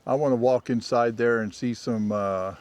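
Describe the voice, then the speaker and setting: A man's voice: mid-range voice, steady tone, moderate pace, darkish tone. A man chatting casually while walking a trail outdoors, joking and teasing often. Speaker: vlogger.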